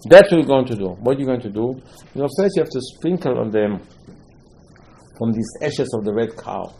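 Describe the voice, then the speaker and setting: A man's voice: mid-range voice, animated, brisk, warm tone, slight background noise, rough recording. A man teaching a Torah lesson as a sermon, telling the stories with animation and acting out the dialogue in loose, non-native English full of Hebrew terms. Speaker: religious teacher.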